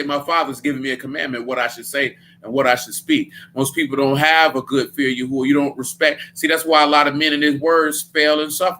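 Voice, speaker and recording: Man preaching at a casual bible study, bright forceful voice, blunt and slangy, kinda high. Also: a little hiss or hum.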